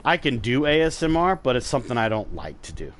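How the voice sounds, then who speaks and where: A man's voice: medium pitch, big pitch swings, fast talker. A man casually chatting to viewers while streaming a game, rambling and swearing freely. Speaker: gaming streamer. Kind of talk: casual live gameplay commentary.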